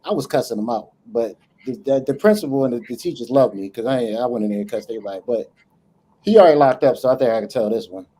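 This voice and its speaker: A man co-hosting a casual podcast, telling a story in an animated, profane way and acting out the dialogue. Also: mid-range voice, fast. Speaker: podcast co-host.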